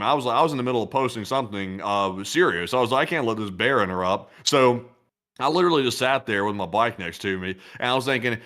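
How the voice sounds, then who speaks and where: Male host, mid-pitched, relaxed, jokey, reads out viewer donations. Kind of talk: casual livestream chat, reading viewer donations.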